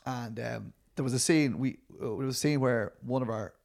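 A man's voice: medium pitch, normal speed, vocal fry, darkish tone. A middle-aged man, a documentary filmmaker, answering interview questions in a rambling, self-deprecating way, full of restarts and fillers.

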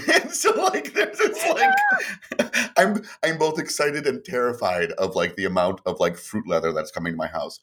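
A lower-voiced man co-hosting a laid-back podcast, and his pitch swings widely as he talks. He rambles through his stories with plenty of fillers and keeps breaking into laughter. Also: moderate pace. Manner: rambling, animated storytelling with many fillers and laughs. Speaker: podcast co-host. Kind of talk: casual podcast chat.

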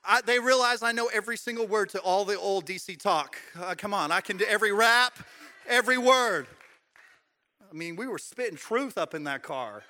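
A middle-aged pastor with a very high, bright, forceful voice preaches in a church sanctuary. He swings from loud, rallying calls to soft, conversational talk with playful, joking asides. His delivery feels lively and personal. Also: normal speed, a little hiss or hum. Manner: swings from loud shouted exhortation to quiet, intimate talk. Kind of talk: sermon.

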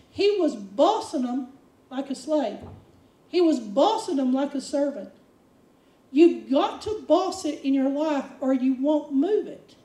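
A woman preaching a sermon, telling stories and acting out quoted lines with energy. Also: sits high. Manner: storytelling, animated quoting. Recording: echoey room, from far off.

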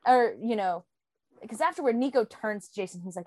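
A woman's voice: mid-range voice, fairly quick, a little mellow, no echo. A woman co-hosting a podcast, chatting casually about a book, rambling with many fillers. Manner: rambling, full of "um" and "like". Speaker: podcast co-host.

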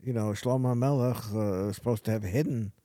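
A man in casual podcast talk, rambling and halting with many restarts. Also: on the low side, warm tone, dry recording, studio quality.

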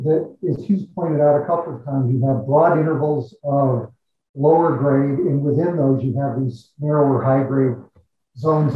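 A man working as an exploration geologist, explaining drilling results in a measured, technical way with frequent restarts. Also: medium pitch, slight background noise. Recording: echoey, distant, dull audio.

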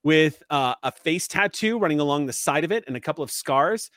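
A man's voice: on the high side, expressive, brisk, a bit bright, dry recording, studio quality. A man narrating as game master of a tabletop role-playing game, descriptive and rambling, often laughing.

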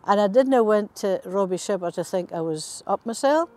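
A woman's voice: mid-range voice, animated, moderate pace, a little mellow. A woman with a North East Scots accent telling stories wryly in an interview. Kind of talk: anecdotal interview talk.

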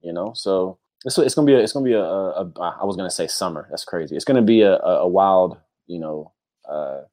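A man's voice: low-pitched, fairly quick, dark tone. A man co-hosting a casual basketball podcast, speaking in an easygoing, rambling way with lots of "you know.". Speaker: podcast co-host. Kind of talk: casual sports chat.

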